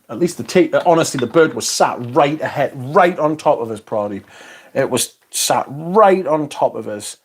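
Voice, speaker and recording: A man talks casually on his livestream. He swears a lot and reads out viewers' comments as he goes. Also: medium pitch. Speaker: livestream host reading chat.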